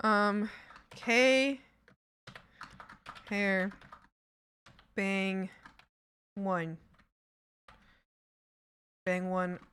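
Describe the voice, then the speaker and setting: A woman streamer chatting casually with her viewers while she works, muttering to herself and bursting into loud laughing exclamations. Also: medium pitch, drawn-out words, long pauses, clear, resonant tone. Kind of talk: casual livestream chat while working.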